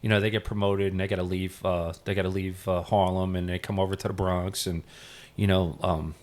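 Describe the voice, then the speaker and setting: A middle-aged man with a fairly low voice, a retired firefighter telling stories as a podcast guest. He talks loosely and rambles, with plenty of fillers. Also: level tone, a little fast. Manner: rambling, full of "you know" fillers. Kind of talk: casual storytelling interview.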